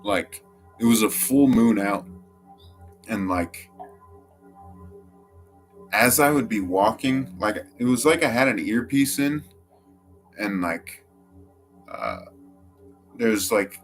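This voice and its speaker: A man's voice: on the low side, animated, faint music behind. A young man telling a casual first-person story, rambling with constant "like" fillers and the odd swear word. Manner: rambling, heavy use of filler "like"; swearing, quick quoted outbursts.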